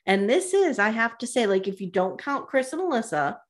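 A woman co-hosting a casual recap podcast, animated and gossipy, retelling scenes with quoted asides and laughter. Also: fairly high pitch, a little fast. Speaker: podcast co-host.

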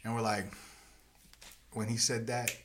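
A man's voice: fairly low pitch, little pitch movement, unhurried, noisy background. A man co-hosting a podcast in casual chat, chiming in with jokes and quips. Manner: joking, chimes in with quips. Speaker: podcast co-host.

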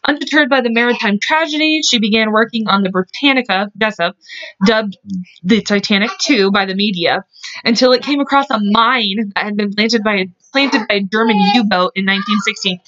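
A woman's voice: medium pitch, fairly quick, fairly bright tone, no room sound. Woman, podcast co-host, casual chat, reads notes with asides, muffled audio.

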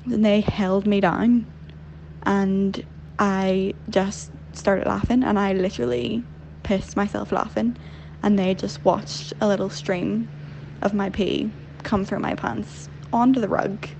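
A young woman with a Northern Irish accent, worn down a little by years in London, tells a candid, giggly story down a phone line. Her voice has a gravelly fry, with faint noise behind her. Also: medium pitch, fairly even intonation, takes it slowly, darkish tone. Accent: Northern Irish, softened by London. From Northern Ireland. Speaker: caller.

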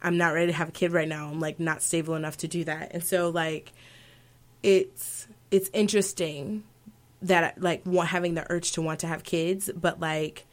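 Aspiring opera singer, woman in her 20s, lowish voice, rambling and reflective in interview. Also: level tone, moderate pace. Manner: thoughtful, rambling with fillers and self-corrections. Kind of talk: casual interview answers.

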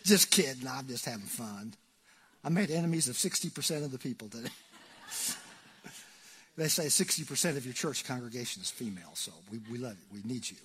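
A man preaching a sermon as pastor, folksy and joking, swinging between loud emphasis and hushed asides. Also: medium pitch, animated, fairly quick.

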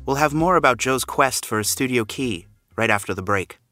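A man narrating as a podcast host in a scripted, measured delivery. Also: mid-range voice, expressive, loud music behind the voice.

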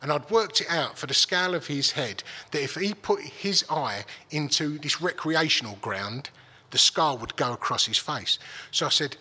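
A man's voice: a little high, expressive, moderate pace, sharp tone, husky. A man telling a story in casual chat, swearing freely and restarting his sentences. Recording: long hall reverb.

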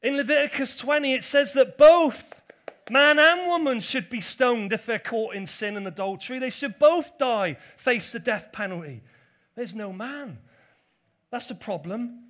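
A pastor preaching a sermon to a church congregation, telling the story with playful asides. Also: male voice, very high voice, a bit bright.

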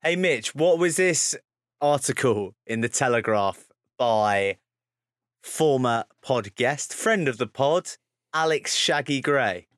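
A man's voice: medium pitch, lively intonation, takes it slowly, a bit bright, dry recording, clean studio sound. A man hosting a rugby podcast, telling stories with lots of banter. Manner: banter-heavy storytelling, mimics others. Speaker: podcast host. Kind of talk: casual chat.

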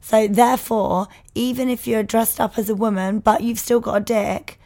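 A woman's voice: on the high side, steady tone, moderate pace, darkish tone. A woman co-hosting a podcast, talking bluntly and swearing in casual chat. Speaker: podcast co-host.

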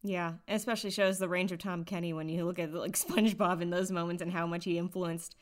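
A woman's voice: fairly low pitch, fairly even intonation, quick pace. A young woman co-hosting a casual podcast chat. She laughs easily and rambles through restarts.

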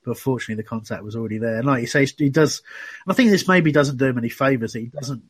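A man's voice: medium pitch, rapid-fire, breathy edge, no room sound. A man hosting a casual fan podcast, chatty and full of restarts. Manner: chatty, many restarts and "you know"s. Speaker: podcast host.

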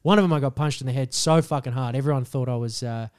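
A man's voice: mid-range voice, fast talker, smooth. A young Australian man co-hosting a podcast, telling rowdy stories in a casual, heavily swearing chat. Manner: swearing, animated storytelling. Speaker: podcast co-host.

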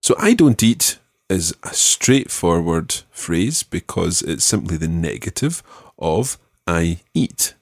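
A male language teacher leading a spoken lesson, patiently modelling words slowly and clearly. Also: sits low, sing-song, dry recording, studio quality.

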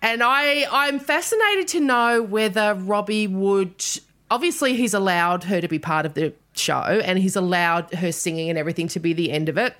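A woman's voice: mid-range voice, normal speed, few pauses, fairly bright tone. An Australian woman hosting a podcast, telling stories animatedly with laughter and some swearing. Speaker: podcast host. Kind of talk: casual chat.

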